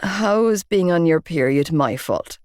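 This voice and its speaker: A woman voicing a hungover young man who drawls lazily and teases in a hoarse voice. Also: lowish voice, animated, measured pace, a little mellow, dry recording, clean studio sound. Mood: lazy. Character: hungover young Irish man, lazy, teasing.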